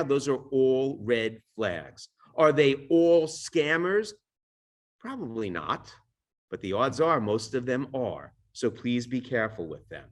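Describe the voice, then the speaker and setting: A man teaching a live training session to an audience in a conversational way. He often checks in with the room and corrects himself as he goes. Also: mid-range voice. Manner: self-correcting, restarts sentences. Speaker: real estate training instructor.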